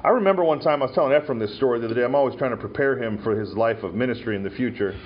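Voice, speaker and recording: A man's voice: medium pitch, racing. A male pastor from Montana preaching a sermon in a church, telling stories with frequent fillers and restarts. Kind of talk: sermon at an ordination ceremony. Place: church sanctuary. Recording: dull lo-fi church recording.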